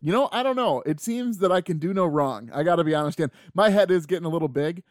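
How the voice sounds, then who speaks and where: A man's voice: fairly high pitch, expressive, fast talker, no echo, clean studio sound. A man co-hosting a casual sports podcast, teasing his partner and laughing often. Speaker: podcast co-host.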